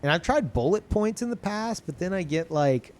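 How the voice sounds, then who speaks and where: Rambling male streamer with a lively pitch. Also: normal speed. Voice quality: self-described monotone. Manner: rambling, many fillers and restarts, frequent swearing. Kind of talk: casual live-stream chat.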